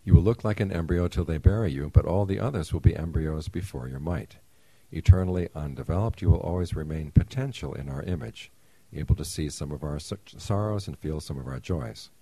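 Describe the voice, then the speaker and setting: A man's voice: a bass voice, fairly quick, dark tone, dry recording. A man reading aloud as a shy, kindly creator god who speaks as "we", in a solemn, formal storybook manner.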